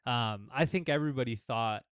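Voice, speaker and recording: A man co-hosting a casual sports podcast, chatting in a relaxed way with lots of "yeah" and filler words. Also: medium pitch, a little fast, clear, resonant tone, dry recording. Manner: laid-back, fillers and frequent "yeah" agreement. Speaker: podcast co-host.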